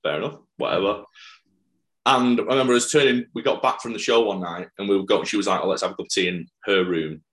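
A man's voice: lowish voice, fast, fairly bright tone. A young adult man in casual chat, telling stage-touring stories with frequent laughs. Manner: chatty anecdote-telling with laughs.

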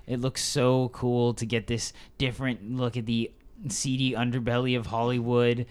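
Animated, incredulous male podcast co-host. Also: medium pitch, normal speed, smooth. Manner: animated and incredulous, swearing in outrage. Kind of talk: casual movie podcast chat.

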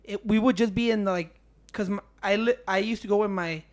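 A man's voice: high-pitched, fairly even intonation, brisk. A young man from Chicago in casual chat, loose and profane, calling his friend "dude" and "bro". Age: young adult.

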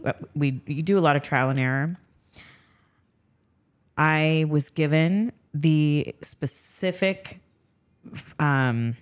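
A low-pitched woman hosts a casual podcast chat. She tells stories with energy, acting out what people said and laughing often. Her voice sits deep for a woman. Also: clean tone. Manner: animated, acts out quoted dialogue, laughs often. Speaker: podcast host and skincare business owner.

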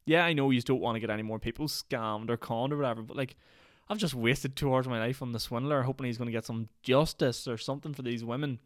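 Northern irish man, solo podcast host, rambling rant, quick talker, dry close sound. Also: medium pitch, steady tone, dry recording. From Northern Ireland. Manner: rambling, ranty, heavy use of "like".

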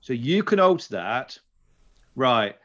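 A man's voice: medium pitch, sing-song, takes it slowly, a bit bright. A British man chatting away as a podcast co-host, enthusiastic and rambling. His voice sits in an ordinary middle range. The recording is slightly dull and lo-fi. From Britain. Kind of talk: casual chat.

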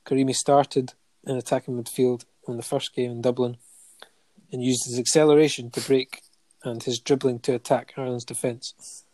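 A man's voice: mid-range voice, little pitch movement, moderate pace, mellow, no echo. A man in casual podcast chat, reading out a long list of honours with frequent ums and light chuckles. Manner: listing facts steadily with many ums and chuckles.

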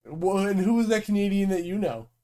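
A man's voice: high-pitched, lively intonation, fairly quick, mellow. A man co-hosting a podcast in casual chat, teasing and swearing freely. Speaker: podcast co-host.

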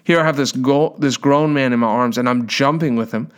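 A man preaching a sermon, telling a healing story with lively quoted voices and reading scripture aloud. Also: mid-range voice, fairly quick, smooth.

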